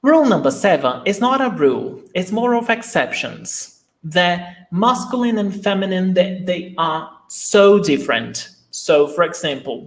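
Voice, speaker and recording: Slow, patient Brazilian teacher man. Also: sits high. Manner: patient, encouraging explanations. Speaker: Portuguese teacher. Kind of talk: online language lesson.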